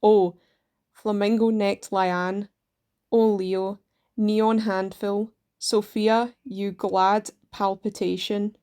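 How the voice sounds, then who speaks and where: A woman reading poems aloud in a slow, measured way, pausing between lines. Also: medium pitch, flat delivery, mellow, clear, resonant tone. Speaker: poetry reader.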